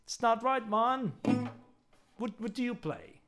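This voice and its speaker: A man's voice: animated, takes it slowly, over loud music, heavily acted. A man voicing a friendly male street steel drummer with a weak attempted Jamaican accent. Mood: teasing. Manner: high, loud, playful put-on voice.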